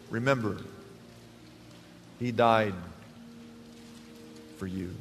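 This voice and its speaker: A pastor preaches to his congregation, pausing to let them finish his questions before climbing to forceful, emphatic peaks. His voice sits a little high for a man. The sound carries the long reverb of a big church hall. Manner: asks the congregation fill-in questions, builds to loud emphatic peaks. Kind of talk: sermon.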